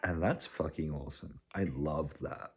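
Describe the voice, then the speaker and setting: A young man vlogging to camera in a rambling, sweary way, swinging between hushed and loud. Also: rumbling low, moderate pace, slight background noise.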